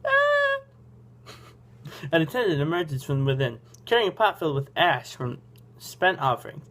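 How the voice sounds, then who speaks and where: A man's voice: fairly high pitch, animated, brisk, fairly bright tone. Goofy man reading a story game aloud. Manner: goofy, self-mocking. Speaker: game channel host.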